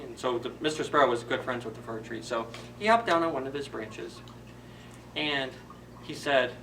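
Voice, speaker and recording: A man narrating a children's story-time retelling in a relaxed, chatty way. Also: medium pitch, normal speed. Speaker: children's librarian reading a story. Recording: distant mic, faint background hiss.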